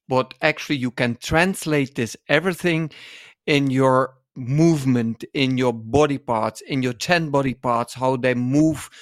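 A man co-hosting a dance podcast in casual conversation, often pausing to search for words mid-sentence. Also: medium pitch.

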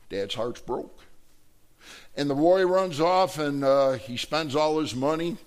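A man, a pastor delivering a sermon in a folksy, animated way with lots of repetition. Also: fairly high pitch, takes it slowly.

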